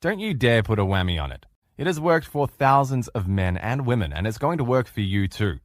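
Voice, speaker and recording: Male relationship coach, emphatic motivational lecturer, lively expressive pitch, dry close recording. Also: fairly quick, no room sound. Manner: emphatic animated storyteller.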